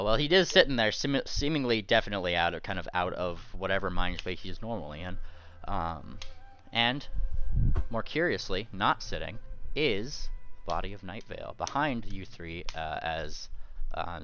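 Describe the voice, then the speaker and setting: Deep-voiced man running a tabletop game. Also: lively intonation, bright, forceful tone, highs cut off. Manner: halting, with many fillers and restarts. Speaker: game master.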